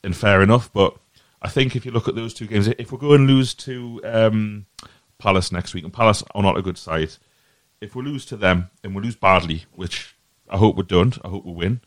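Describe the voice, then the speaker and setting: On a casual football podcast, a male host with a lowish voice speaks at a normal speed, with no room sound. He offers his earnest opinions in a rambling way, often repeating words.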